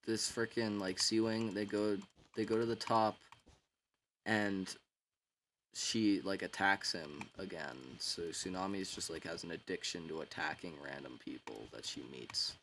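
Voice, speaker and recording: Rambling low-voiced young guy. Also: measured pace, fairly bright tone, slight background noise. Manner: rambling, filler-heavy, slangy and irreverent. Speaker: book summarizer. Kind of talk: casual rambling retelling.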